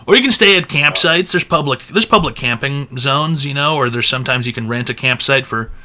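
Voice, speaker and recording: A man's voice: medium pitch, brisk, bright, forceful tone. A man hosting an online advice show in casual livestream chat, blunt and full of crude jokes.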